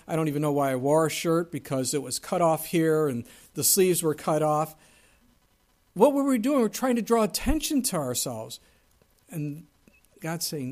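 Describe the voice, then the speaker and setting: Middle-aged guy preaching, chatty and funny, voice a bit high. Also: a little mellow. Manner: conversational preaching with asides and humor. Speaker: pastor. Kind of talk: sermon.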